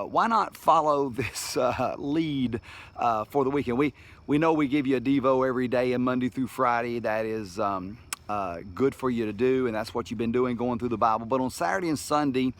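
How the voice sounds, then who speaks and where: A middle-aged man, a pastor giving a daily devotional talk in a folksy, earnest way, often restarting his sentences and slowing down to stretch words for emphasis. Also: medium pitch.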